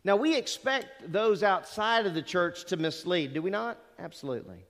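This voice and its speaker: A middle-aged male pastor with a high voice preaches in a church sanctuary. He talks to the congregation in a chatty way, throwing in rhetorical questions and asides. A long hall reverb trails after his words. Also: animated, normal speed, a bit bright. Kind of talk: sermon.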